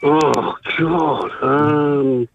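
Gravelly New caller on a dull line. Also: male voice, fairly high pitch, fairly even intonation, a little hiss or hum. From New Zealand. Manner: hesitant, halting, full of ums. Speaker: caller to a sports radio quiz. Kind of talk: casual phone-in chat. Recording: dull lo-fi phone line with faint music.

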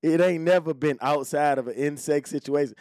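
A young adult man hosting a podcast in casual, profane, animated chat, speaking to his listeners. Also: a little high, brisk, no room sound. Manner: profane, animated, talks straight to male listeners. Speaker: podcast host.

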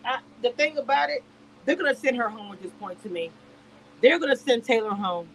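A woman's voice: a little high, fairly quick, fairly bright tone, slight background noise, rough recording. A woman reviewing a reality show on a live stream, speaking in a heated, emphatic way and repeating herself. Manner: emphatic and repetitive, heated and exasperated. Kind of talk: casual live-stream commentary rant.

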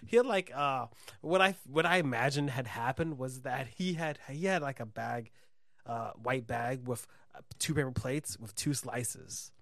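A man chatting casually, telling an animated story with lots of swearing and laughing. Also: mid-range voice, unhurried, creaky, dry recording, studio quality. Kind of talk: casual podcast chat.

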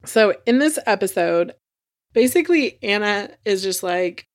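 A woman co-hosting a podcast recaps a TV episode in chatty, casual talk, swearing freely and acting out the characters' lines. Her medium-pitched voice is expressive and a little slow.

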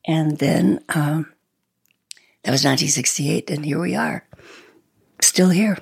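A woman in her eighties, originally from Sweden, reminiscing softly in an interview, halting and laughing often. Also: low-pitched, gravelly, slightly rough, dry recording. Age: 80s. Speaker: interview guest. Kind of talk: reminiscing conversation.

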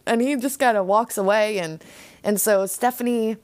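Woman podcast host, young adult, chatty casual recap, medium pitch, dry close sound. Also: moderate pace, a little mellow, no echo. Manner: chatty, lots of "like" and "um".

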